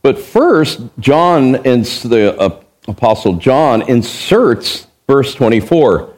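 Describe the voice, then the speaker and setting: A male pastor working through a passage of scripture in a sermon. He keeps an ordinary middle-pitched voice, leans hard on key words and throws rhetorical questions at the listeners. He acts out the quoted lines. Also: very animated, slow pace, a little mellow. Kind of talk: expository Bible sermon.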